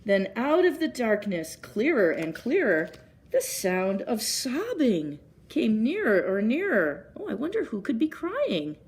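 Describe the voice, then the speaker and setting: A woman librarian reads picture books aloud at story time, stopping gently to ask the children questions. She speaks slowly and carefully. Her voice is very lively, rising and falling a lot. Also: on the high side.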